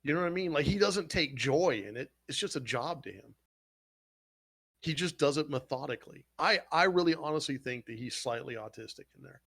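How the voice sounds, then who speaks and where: A man hosting a casual podcast chat, animated and swearing freely as he argues his point. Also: on the high side, a little fast. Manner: animated, swearing, retells scenes with quoted voices. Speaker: podcast host.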